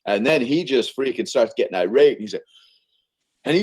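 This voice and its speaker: A man in an interview, casually telling a business story in an animated, conversational way, often checking in with "okay?" and "right?". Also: medium pitch, normal speed, long pauses, breathy edge. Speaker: podcast guest, entrepreneur.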